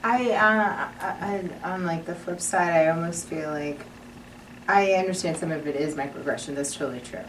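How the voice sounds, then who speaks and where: A woman's voice: fairly low pitch, normal speed. A woman on a discussion panel, speaking earnestly, restarting her sentences as she works out her point. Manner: earnest, restarts, quotes imagined dialogue. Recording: distant mic, light noise.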